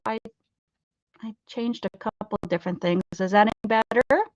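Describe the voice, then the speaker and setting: A woman's voice: on the high side, normal speed, no room sound, dull audio. A woman hosting a casual art livestream from her craft table at home, chatting with viewers and greeting them by name.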